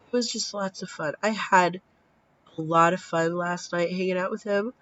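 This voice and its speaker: Speaking at a moderate pace in a fairly low voice with no echo, a female vlogger in her thirties tells a story. Despite being tired from little sleep, she's lively, voicing the quoted dialogue and dropping casual swear words. The recording sounds dull and lo-fi.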